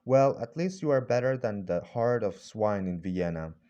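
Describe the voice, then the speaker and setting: A man's voice: on the low side, animated, moderate pace, dark tone, muffled recording, lightly acted. A man reading a storybook role of an arrogant, short-tempered older male professor who talks with roaring, brutal bluntness. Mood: scornful.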